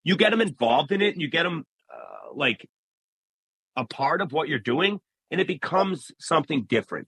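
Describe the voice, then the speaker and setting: A man's voice: fairly high pitch, normal speed, gravelly, slightly rough, dry recording, poor audio. A man, a barber, talking casually in an interview and acting out the people in his stories. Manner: animated storyteller, acts out quoted voices. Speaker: barber, guest.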